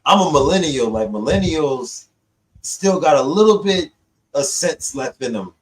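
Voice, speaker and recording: Animated man in his thirties, emphatic chat. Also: a little high, a little slow, poor audio. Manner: animated, emphatic, joking asides. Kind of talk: casual podcast chat.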